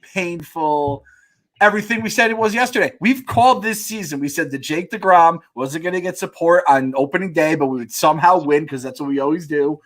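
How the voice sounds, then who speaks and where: A man hosting a casual sports podcast, his voice pitched a little high. He rants heatedly, swearing as he vents frustration about his team. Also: a little fast, a bit bright. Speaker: podcast host.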